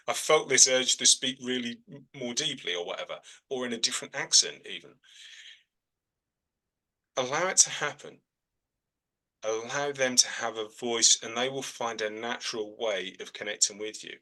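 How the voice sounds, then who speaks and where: A man's voice: medium pitch, moderate pace, long pauses, sharp tone, rough recording. A man who works as a trance medium, answering students' questions in a chatty teaching manner. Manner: chatty, frequent "all right?" check-ins. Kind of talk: relaxed teaching in a video call.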